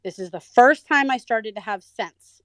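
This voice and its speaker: A woman guest in an interview, telling her own story in a lively way and acting out the voices of people she quotes. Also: fairly high pitch, moderate pace, dry recording. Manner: animated, acts out quoted voices. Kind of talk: conversational storytelling.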